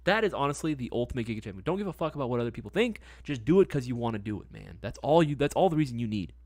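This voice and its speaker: A man's voice: mid-range voice, sing-song, very fast, a little mellow, no room sound, studio quality. A young man hosting a casual live stream, talking in a laid-back, slangy way and often tagging on "right?" and "man". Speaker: livestream host.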